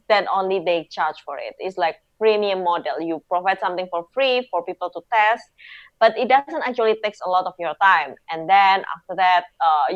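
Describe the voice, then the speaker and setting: A woman co-host of middle pitch explaining business ideas in a plain, friendly way. Her voice comes through a slightly dull, muffled mic with no room sound. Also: dry recording. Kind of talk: casual chat.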